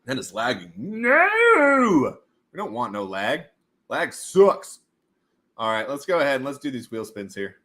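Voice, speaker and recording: A man hosting a casual livestream at home, running prize wheel spins in a goofy, animated way and slipping into silly voices. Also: mid-range voice, normal speed. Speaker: livestream host running giveaways.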